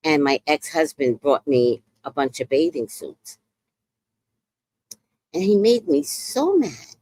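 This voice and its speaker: A woman hosting a podcast, recapping a reality show in a casual, animated way and acting out what people said. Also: low voice, dry recording. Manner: animated, exclaims and acts out quotes. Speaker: podcast host.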